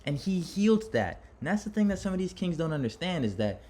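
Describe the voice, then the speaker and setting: A man's voice: sits high, big pitch swings, fairly quick, darkish tone. A man giving an impassioned personal monologue to his viewers. He talks in a dramatic, rambling way, restarting his sentences and speaking straight to his audience. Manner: dramatic, addresses listeners directly. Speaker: vlogger on self-improvement.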